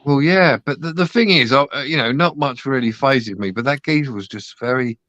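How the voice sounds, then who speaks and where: A man hosting a casual live stream talks fairly quickly at medium pitch, his voice a bit bright with no room sound. He tells stories, swears without restraint and plays out the people he quotes, over a dull, dry lo-fi recording.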